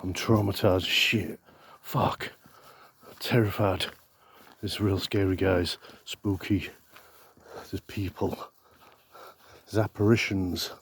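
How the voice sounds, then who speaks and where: Deep husky man, deadpan. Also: slow pace, pauses often. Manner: deadpan, mock-frightened, sweary. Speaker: vlogger. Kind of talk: mock-spooky comedic walk-through vlog. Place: outdoors in woodland.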